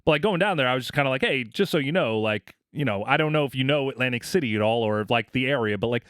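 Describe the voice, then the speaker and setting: A man spins a long story with constant "like"s and swearing. His voice sits at an ordinary middle pitch. The sound is close and dry, with no room around it. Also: expressive, fast, fairly bright tone, smooth, no room sound. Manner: rambling, profane, many fillers like "like" and "you know". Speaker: podcast co-host. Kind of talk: casual storytelling chat.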